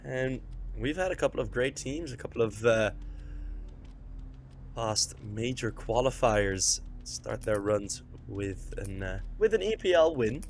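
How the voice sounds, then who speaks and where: A man casting an esports match live, chatting loosely with many fillers while waiting out a technical pause, still in his morning voice. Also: medium pitch, slight background noise. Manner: relaxed, filler-heavy chatter during a tech pause. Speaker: esports caster.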